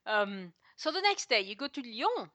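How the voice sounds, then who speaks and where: A woman's voice: on the high side, sing-song, normal speed, fairly bright tone. A woman hosting a podcast, chatting casually and reacting with enthusiasm to her guest. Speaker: podcast host interviewing a guest. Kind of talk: casual chat.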